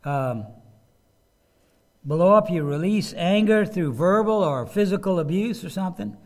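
Preaching through a mic with a loose connection, this pastor keeps his sermon conversational, often repeating words and asking the congregation questions. His expressive voice sits high with a darkish tone and a measured pace.

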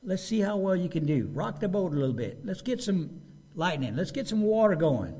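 A man's voice: sits high, very animated, normal speed, warm tone, husky, exaggerated voice. A man acting out God as a playful figure who sends a little storm to test people, in a folksy way.

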